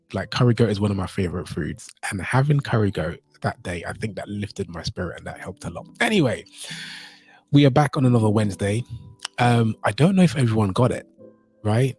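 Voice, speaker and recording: A man's voice: fairly low pitch, fairly quick, a little mellow, breathy edge. A man hosting a casual livestream from his home, upbeat and chatty, greeting his viewers over and over, recorded on a phone. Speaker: livestream host.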